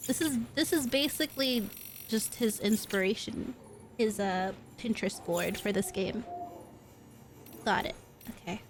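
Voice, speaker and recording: A woman's voice: medium pitch, measured pace, pauses often, slight background noise. A woman streaming a video game, reading in-game text aloud and breaking off to comment and laugh. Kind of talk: casual live-stream commentary.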